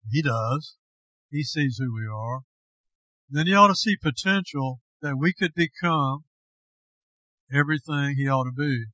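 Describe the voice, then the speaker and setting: A man, a pastor, preaching a sermon slowly and with deliberate emphasis. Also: mid-range voice, bright, forceful tone, no echo, highs cut off.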